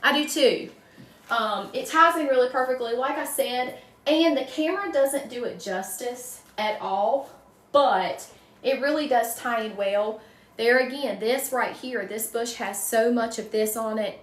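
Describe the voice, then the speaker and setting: A woman's voice: fairly high pitch, fairly bright tone. Chatty Southern woman in a roomy space. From North Carolina, USA. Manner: chatty, greets viewers by name, folksy. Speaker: wreath designer hosting a live stream. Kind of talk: casual live-stream crafting chat. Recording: roomy echo, distant mic.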